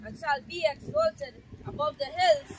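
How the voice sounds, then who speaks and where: A woman reading scripture aloud outdoors, slowly and deliberately. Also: very high-pitched, big pitch swings. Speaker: scripture reader. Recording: street noise behind.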